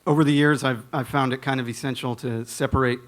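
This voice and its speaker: A man's voice: mid-range voice, steady tone, fast. A man from the audience asking a question at a workshop, hesitant and searching for words.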